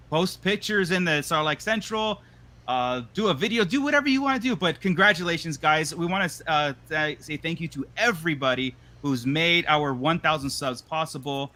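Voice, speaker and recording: A man's voice: on the high side, sharp tone. A man hosting a casual livestream podcast, chatty and loose, thanking viewers. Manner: loose, chatty, laughs often. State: tired. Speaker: podcast host.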